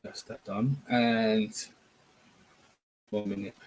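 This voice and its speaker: The host of this relaxed boxing live stream has a fairly low, steady, darkish voice and talks at a slow pace. Chatty and rambling, he speaks directly to his viewers and corrects himself now and then.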